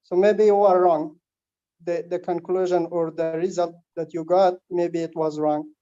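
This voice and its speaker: A man's voice: sits high, flat delivery, normal speed, dark tone, highs cut off. A man in an English conversation class, making his point hesitantly with many fillers. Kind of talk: classroom discussion.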